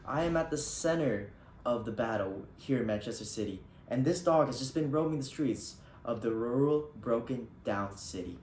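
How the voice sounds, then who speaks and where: A man's voice: medium pitch, lively intonation, moderate pace, darkish tone. A man plays a reporter in a joke newscast, keeping a mock-serious tone while goofing off. The room is reverberant with a faint hiss behind. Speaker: field reporter. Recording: echoey room.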